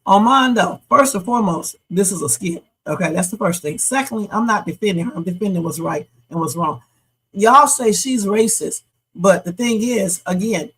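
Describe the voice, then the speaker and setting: A middle-aged woman runs a casual reaction livestream with a slightly husky voice. She talks bluntly and with emphasis, answering her chat directly. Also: mid-range voice, poor audio.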